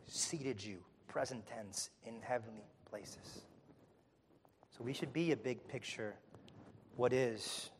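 A man preaching a sermon to his congregation, building to loud emphatic peaks with repeated phrases, then dropping low and quiet. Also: slow pace, in a large hall, a little hiss or hum. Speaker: pastor.

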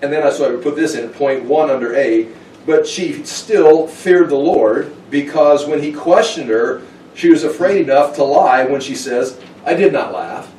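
A man's voice: a little high, normal speed, mellow, slight background noise. A man teaching a Bible study in an informal, conversational way, now and then acting out short quoted exchanges. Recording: echoey room, mic at a distance.

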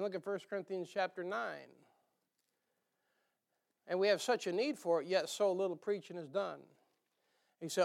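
A man's voice: high-pitched, normal speed, vocal fry, long pauses. A man with a northern US accent preaching a sermon in a church, in a folksy, rambling way with jokey asides and a nasal twang. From northern United States.

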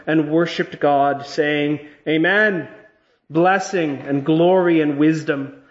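A man's voice: fairly high pitch, lo-fi sound. Earnest man reading scripture and praying. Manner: earnest, measured pastoral prayer voice. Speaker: pastor.

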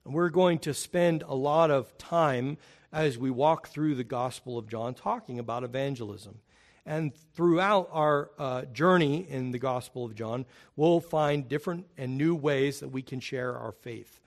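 A man preaching a sermon to his congregation, building emphasis as he drives key points home. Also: a little slow. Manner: emphatic, rising in pitch and volume on key points. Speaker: pastor.

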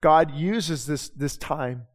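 A middle-aged man preaching a sermon as pastor, emphatic and conversational, with quick asides to the congregation. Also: on the high side, big-room sound.

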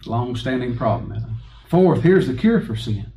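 A man's voice: medium pitch, sing-song, normal speed, dark tone. A man preaching a sermon, folksy and conversational, asking rhetorical questions and chuckling between points. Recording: distant mic with faint room noise.

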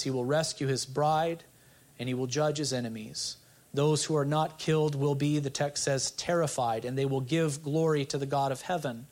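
A man's voice: on the high side, darkish tone. A male pastor preaching an expository sermon, earnest, asking the congregation rhetorical questions.

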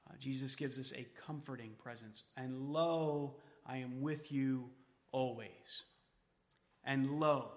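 A man preaching a sermon as pastor, emphatic, then dropping to soft tones for quoted words of comfort. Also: medium pitch, fairly even intonation, takes it slowly, long reverb tail. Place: church sanctuary.

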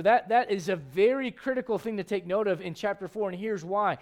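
A high-pitched male pastor preaches in a church sanctuary. He keeps tossing rhetorical questions to the congregation and checks they are following along. The delivery is a lively sermon. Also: fairly quick, few pauses.

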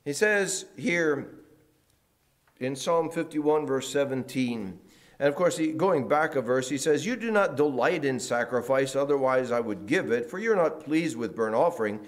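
A man preaching a sermon in a church, moving between loud emphatic lines and quiet, hushed ones. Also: medium pitch, lively intonation, moderate pace. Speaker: pastor.

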